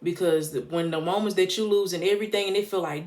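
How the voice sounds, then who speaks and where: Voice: mid-range voice, fairly even intonation, fast talker, few pauses, a little mellow. A motivational vlogger speaking straight to the camera in a heartfelt, preachy way, often repeating points for emphasis. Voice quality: emphatic, preachy, casual street-smart phrasing.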